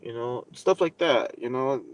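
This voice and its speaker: A man gives a casual live lesson on a stream, rambling with lots of fillers and talking bluntly, with some profanity. His medium-pitched voice is clear and resonant, delivered at a measured pace.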